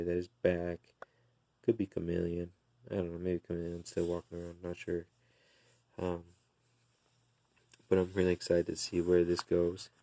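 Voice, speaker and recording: Male comic reviewer, deep and gravelly, slow and flat, mellow, dry close sound. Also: no echo. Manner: slow, relaxed retelling with fillers and restarts. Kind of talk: casual comic recap.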